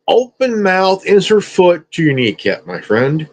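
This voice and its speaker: Slow, scolding man with a lively pitch. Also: rough recording. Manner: scolding, repetitive, profane. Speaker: streamer. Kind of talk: confrontational rant.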